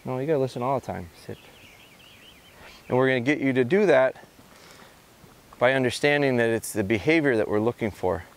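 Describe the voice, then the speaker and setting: Calm man training a dog outdoors. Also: mid-range voice, brisk, long pauses. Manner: calm explanations mixed with short commands to a dog. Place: outdoors in a rural field.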